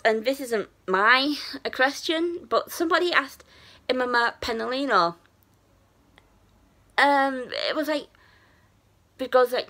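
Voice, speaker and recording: A woman's voice: medium pitch, fairly bright tone. A young woman, telling a story in a casual, chatty way with plenty of fillers and restarts. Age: young adult. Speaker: vlogger.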